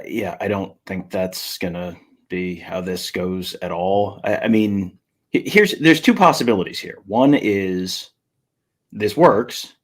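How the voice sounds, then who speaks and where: A man's voice: fairly low pitch, husky. A man co-hosting a live sports podcast, reasoning through points in a casual, analytical way. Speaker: podcast co-host.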